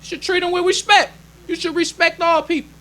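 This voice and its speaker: A man's voice: extremely high pitch, flat delivery, a little fast, bright, forceful tone. A male minister preaching a sermon in an emphatic, conversational way, drawing call-and-response from the congregation.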